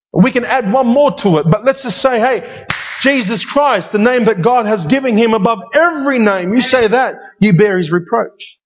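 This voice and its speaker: A man preaching a sermon as pastor, emphatic and given to repeating key phrases. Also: a little high. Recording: dull sound with long hall reverb.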